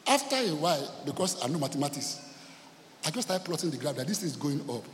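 A man's voice: on the high side, sing-song, fast, a little hiss or hum. A man with a Nigerian accent preaching a sermon as pastor, leading the congregation in rhythmic call-and-response with emphatic repetition. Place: church hall. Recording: echoey hall with long reverb.

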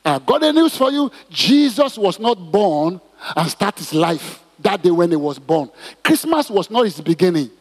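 A man's voice: sits high, big pitch swings, moderate pace, long reverb tail. A middle-aged man preaching a sermon as pastor, emphatic and repetitive, with stammered restarts.

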